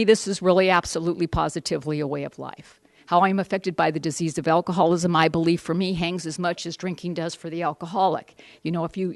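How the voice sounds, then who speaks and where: A woman's voice: lowish voice, no room sound. A middle-aged woman giving a candid, rambling personal testimony at a support group meeting, with wry asides and many restarts.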